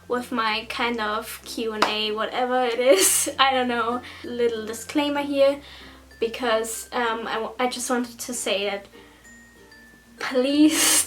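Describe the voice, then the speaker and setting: A woman's voice: fairly high pitch, poor audio. Hesitant German teen girl vlogging. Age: teens. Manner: hesitant and self-conscious, with nervous laughs and restarts. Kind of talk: casual Q and A vlog.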